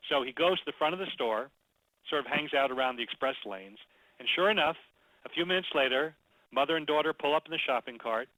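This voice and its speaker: A man presenting a storytelling webinar in a conversational, animated way, telling a story as he teaches. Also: a little high, fairly quick, dry recording, poor audio. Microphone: computer mic, webinar audio.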